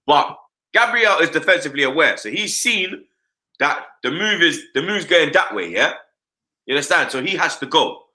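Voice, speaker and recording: Bright-voiced ranting man. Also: a little high, normal speed. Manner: animated slangy rant, repeats "blood" and "you understand". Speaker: football fan pundit. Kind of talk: live-stream football rant.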